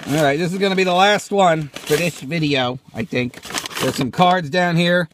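A man hosts a casual toy show vlog, reading fan mail and cracking profane jokes. His voice sits high and swings widely in pitch. The tone is bright and excitable. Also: normal speed, no room sound.

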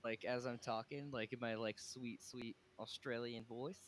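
A man's voice: medium pitch, steady tone, a little slow. Guy in a tabletop game, mid voice, rambly jokes, faint hiss behind. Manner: joking, rambling with fillers. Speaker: player. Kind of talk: casual tabletop play.

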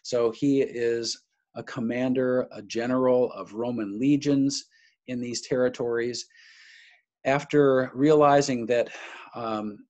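Man, history lecturer, mid-pitched, loose unscripted delivery with restarts and stressed names. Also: fairly even intonation, slow, darkish tone, highs cut off. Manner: restarts phrases often, stressing key names.

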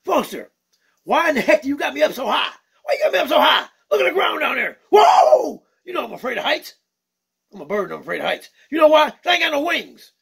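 Man putting on a very high, raspy cartoon bird, hyper, shouty, lively swoops. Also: fast, exaggerated voice. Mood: scared. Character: excitable jive-talking wingless male bird. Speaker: puppet sidekick.

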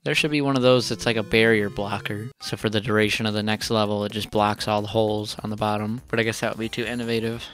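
A man's voice: lowish voice, flat delivery, fast, few pauses, a bit bright, soft background music. A man hosting a let's play, rambling casually with lots of swearing and frustration at the game. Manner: profane, frustrated, self-deprecating rambling. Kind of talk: casual gaming commentary.

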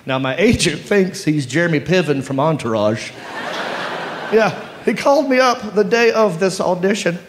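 A man telling an animated stand-up story, laughing through his lines. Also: sits high, normal speed, big-room sound. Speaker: stand-up comedian. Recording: live stand-up with audience noise. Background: audience laughter.

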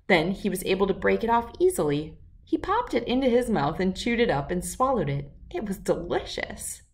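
Woman, storybook reader, reading aloud, clear, expressive, mid-pitched voice. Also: recorded from a distance. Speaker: children's book reader. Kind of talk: reading a children's chapter book aloud.

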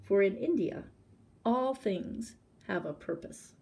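A librarian reading a children's story aloud with expressive, animated delivery, then explaining a craft. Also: female voice, medium pitch, takes it slowly, gravelly.

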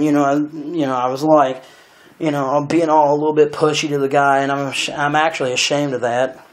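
A young man talks in a loose, rambling monologue, leaning on fillers and restarting his sentences again and again. He keeps stopping to clear his throat. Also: on the high side. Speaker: video blogger.

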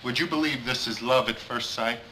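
A man's voice: medium pitch, fairly quick, slight background noise, natural voice. A man playing a corny wisecracking blind date. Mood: joking. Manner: joking nonstop, punchline delivery. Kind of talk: sitcom acting. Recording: echoey studio with a loud audience.

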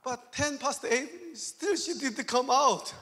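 A high-voiced man with a Korean accent, English not his first language, preaches slowly and deliberately as a guest pastor. He tells a personal story in an animated way, acting out what he said and laughing along. His voice carries a long reverb from a church hall. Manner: animated storytelling, acts out own quotes, laughs often.

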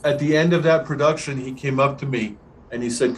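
An older man, a veteran camera assistant, telling a relaxed anecdote as a guest on a video-call Q&A and acting out the dialogue. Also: mid-range voice, brisk, a little hiss or hum, low-quality recording. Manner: relaxed anecdotal storyteller, acts out quoted dialogue. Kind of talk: storytelling in an online Q&A.

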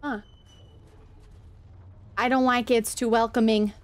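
A woman's voice: fairly high pitch, little pitch movement, a little slow. A woman streaming a game live, reacting playfully, swearing and laughing as she talks to her chat. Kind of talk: live gameplay commentary.

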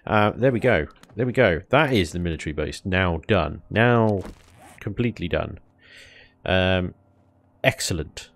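A man's voice: low-pitched, animated, measured pace, fairly bright tone. A man giving casual let's-play commentary, chatting along, exclaiming at finds and taunting enemies. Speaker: gaming YouTuber.

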